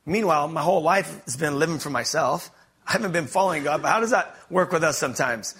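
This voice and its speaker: A man's voice: medium pitch, fast, fairly bright tone, slightly rough. A man from Los Angeles, giving a rambling, candid personal testimony to an audience. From Los Angeles, USA. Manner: rambling and candid, many fillers and restarts.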